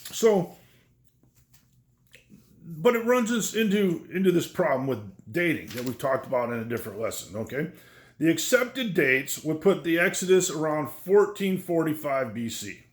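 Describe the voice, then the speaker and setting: A man's voice: on the high side, big pitch swings, moderate pace, reverberant. A man teaching a lesson on biblical history in a conversational way, often checking in with the listeners. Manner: conversational, checks in with "right?" and "okay?".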